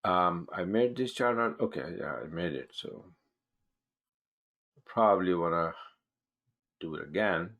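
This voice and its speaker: A man's voice: sits low, measured pace, long pauses, dull audio. A man teaching forex trading in a live webinar, thinking aloud as he marks up charts, with punchy emphasis on key moves.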